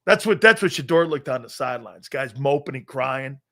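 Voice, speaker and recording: A middle-aged man hosting a live sports talk show, ranting loudly and profanely about football. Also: medium pitch, moderate pace. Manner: loud, profane and animated, mocking others in put-on voices. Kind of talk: unscripted sports rant.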